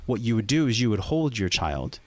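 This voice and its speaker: A man's voice: mid-range voice, sing-song, fairly quick, no room sound. A man speaking as a podcast guest, earnest and intense, swearing for emphasis in emotional conversation.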